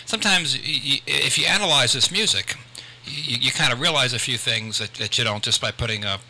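Chatty older male radio host, bright voice. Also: medium pitch, brisk, slight background noise, poor audio. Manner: chatty, rambling with many restarts. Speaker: radio talk show host. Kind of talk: casual radio talk. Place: radio studio.

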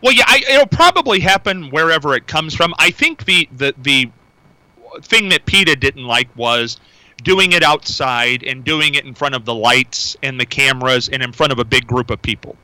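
Chatty bright-voiced male radio host. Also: mid-range voice, animated, normal speed, no room sound, rough recording. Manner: chatty, rambling with fillers, repeats phone number. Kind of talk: casual call-in radio talk.

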